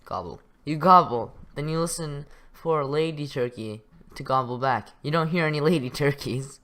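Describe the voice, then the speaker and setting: A man's voice: fairly high pitch, moderate pace. Young man reading a text game aloud. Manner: chuckling, casual, stumbles over words. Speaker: gaming YouTuber.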